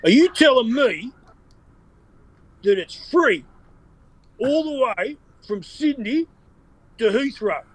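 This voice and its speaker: A boisterous, demanding older club owner with a thick Cypriot Greek accent, as a man impersonates him. The voice jumps well above the speaker's own pitch and carries with brash, bossy confidence. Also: animated, takes it slowly, pauses often, dry recording, full character voice, poor audio. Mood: incredulous. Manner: loud, exaggerated, demanding.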